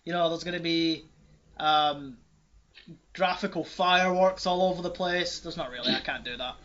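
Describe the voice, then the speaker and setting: A man's voice: fairly high pitch, normal speed, fairly bright tone. A man hosting a casual podcast, rambling and poking fun at himself. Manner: rambling, self-mocking. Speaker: podcast host. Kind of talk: casual chat. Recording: dull lo-fi sound.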